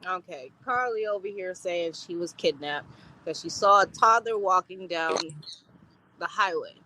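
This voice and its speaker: A woman's voice: lowish voice, lively intonation, a little slow, pushed and bright, slight background noise, poor audio. A woman co-hosting a podcast, telling stories bluntly and animatedly in casual chat and swearing. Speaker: podcast co-host.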